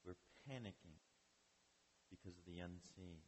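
A man's voice: deep voice, steady tone, normal speed, a little mellow, long reverb tail, a little hiss or hum, rough recording. A man preaching a sermon as the church's pastor, often repeating words and checking in with "right?".

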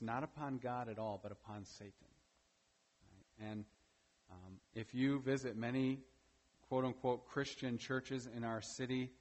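Emphatic male pastor in reverberant church. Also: medium pitch. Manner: emphatic preaching with frequent "right?" tag questions. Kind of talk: sermon. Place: church during a morning service.

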